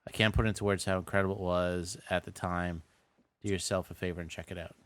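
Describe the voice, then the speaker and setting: A man's voice: low-pitched, level tone, fast, clean tone. A man co-hosting a casual comedy podcast, telling exasperated stories and reading out listener messages. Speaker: podcast co-host.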